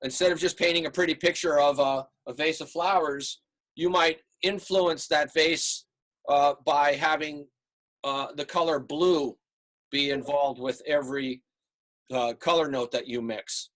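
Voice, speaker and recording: A man teaching an online art class over a video call, relaxed and rambling with many fillers. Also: fairly high pitch, unhurried. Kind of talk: online class lecture and critique.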